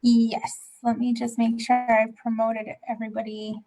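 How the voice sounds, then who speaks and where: A woman's voice: on the high side, flat delivery, moderate pace, low-quality recording. A woman staffer running an online meeting, businesslike and apologetic. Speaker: hearing staff. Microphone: video call.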